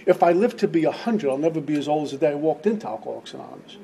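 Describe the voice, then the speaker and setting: A man's voice: on the high side, lively intonation, very fast, gravelly, mellow, slight background noise. A middle-aged man speaking at a recovery meeting, giving an emphatic, preacherly personal testimony and repeating lines for stress. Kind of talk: impassioned personal testimony talk.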